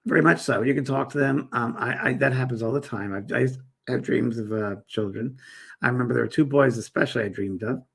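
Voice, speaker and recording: A man's voice: mid-range voice, brisk, creaky, fairly bright tone, breathy edge. A middle-aged man hosting a live spiritual chat show, rambling casually as he reads viewer comments aloud and answers them. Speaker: host and medium.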